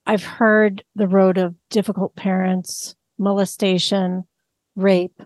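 A woman hosting an interview, calm and affirming, asking her questions without judgment. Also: medium pitch, slow, no room sound, clean studio sound. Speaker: host.

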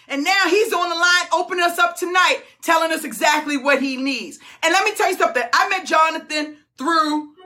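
A woman, a business coach giving a fired-up, tearful motivational talk on a group call, often shouting and repeating herself. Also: high-pitched.

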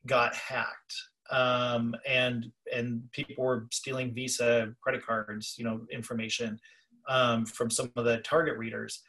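A man's voice: mid-range voice, fairly bright tone. Man telling a story on a podcast. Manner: storytelling, acts out quoted callers. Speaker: podcast co-host, trainer. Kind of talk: conversational podcast talk.

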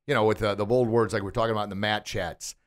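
A man's voice: fairly low pitch, steady tone, rapid-fire. A man hosting a coaching podcast from a recording studio, encouraging and upbeat, quizzing his listener with questions and praising the answers. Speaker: podcast host and martial arts instructor. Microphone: studio microphone.

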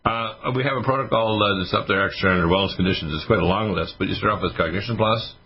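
A man with a deep, slightly raspy voice talks as a radio health doctor. He rambles through long lists of remedies, filling pauses with "uh". The audio is muffled and lo-fi. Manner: rambling, lists supplements with many fillers. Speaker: doctor answering listener questions. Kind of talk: casual radio call-in advice.

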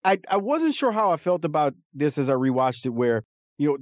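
A man's voice: on the high side, big pitch swings, a little fast, a little mellow, no echo, dull audio. A man co-hosting a casual podcast, talking in a rambling, amused way with frequent restarts. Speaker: podcast co-host. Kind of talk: casual chat.

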